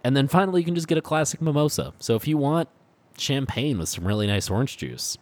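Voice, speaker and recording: A man's voice: medium pitch, animated, fast talker, dry recording. A man co-hosting a casual chat, enthusiastic and joking, rambling with fillers. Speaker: podcast co-host.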